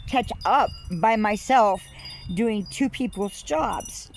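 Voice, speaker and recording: A woman talking casually to camera in a personal vlog, rambling and halting with many fillers, outdoors on her rural property. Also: mid-range voice, gravelly, slight background noise. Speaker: vlogger.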